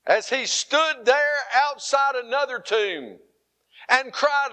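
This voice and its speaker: A middle-aged male pastor preaching an animated sermon, moving between loud, emphatic lines and softer, quiet ones. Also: very high-pitched, takes it slowly, clear, resonant tone.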